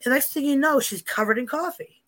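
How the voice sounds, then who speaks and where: A woman's voice: high voice, fairly quick, a bit bright. A woman in casual chat, animatedly telling paranormal stories with lots of repetition and asides.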